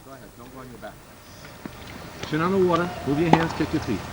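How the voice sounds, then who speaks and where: A man teaching a child to swim at a camp pool, giving brisk, commanding directions with bursts of encouragement while explaining his method to watching staff. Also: fairly high pitch, animated. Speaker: swim instructor. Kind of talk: poolside swim coaching and demonstration. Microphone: camcorder mic. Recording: noisy 1990s camcorder audio.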